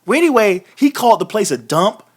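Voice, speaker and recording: A man's voice: sits high, sing-song, fairly quick. A man hosting a live wrestling recap, ranting casually and profanely, often laughing. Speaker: host of a wrestling recap show.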